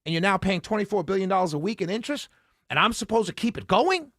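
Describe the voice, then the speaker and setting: A man hosting a talk radio show, ranting passionately and sarcastically, often raising his voice to a yell, close on the microphone. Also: sits high, very animated, fast talker, no echo. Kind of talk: political talk radio rant. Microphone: close studio mic.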